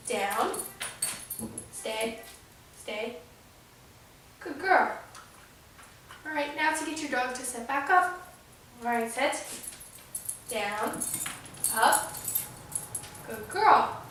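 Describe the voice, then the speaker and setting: High-voiced woman training her dog. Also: a bit bright. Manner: slow, patient, calling short commands to her dog. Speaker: dog trainer and channel host. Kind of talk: casual dog-training tutorial. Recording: echoey room, mic far off, faint dog noise.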